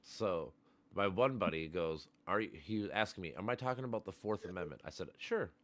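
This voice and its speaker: A man's voice: low voice, a little fast, fairly bright tone, no echo. A man hosting a livestream, ranting in heated, profane casual chat. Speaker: livestream host.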